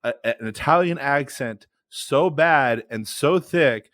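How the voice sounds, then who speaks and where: A man co-hosting a comedy podcast, telling a rambling improv story in casual chat, often trailing off quietly. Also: mid-range voice, a little slow, dry recording, clean studio sound. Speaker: podcast co-host.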